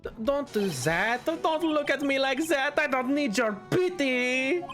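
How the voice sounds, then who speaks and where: A woman's voice: medium pitch, very animated, takes it slowly, soft background music. A woman reading a timid, crybaby young man aloud, stammering and hesitant, for a game playthrough. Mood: nervous.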